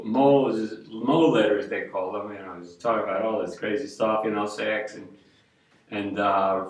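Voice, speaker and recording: A man's voice: mid-range voice, fairly bright tone. Older man telling stories in an echoey room. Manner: rambling, folksy, hippie slang with frequent "man". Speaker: street pastor. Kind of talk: casual storytelling monologue. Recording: echoey room, mic at a distance.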